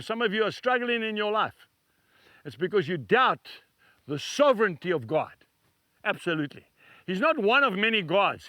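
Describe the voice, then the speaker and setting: A man's voice: sits high, bright, forceful tone, dry recording. A man preaching a devotional sermon to camera outdoors beside cattle stalls, emphatic and repetitive, weaving in a personal story.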